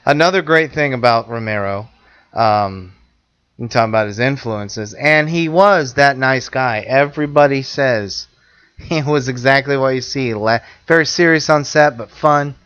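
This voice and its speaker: A man co-hosting a podcast in casual chat, jokey and quick to cut in with laughs and asides. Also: mid-range voice, a bit bright, smooth, dry recording, muffled recording. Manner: chatty, jokey, interjecting, laughs often. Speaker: podcast co-host.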